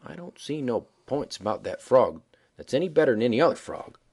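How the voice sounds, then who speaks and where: A man reading the part of a sly stranger in a mining camp, speaking slowly and deliberately, with a dry manner and a husky voice. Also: mid-range voice, big pitch swings, a little mellow.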